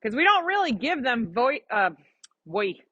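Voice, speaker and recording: Woman riding coach, bright and somewhat high voice, patient explainer, dry dull-sounding recording. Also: very animated, normal speed, slightly rough, no room sound. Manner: encouraging, explains patiently with examples. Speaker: riding instructor. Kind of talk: live coaching during a riding lesson.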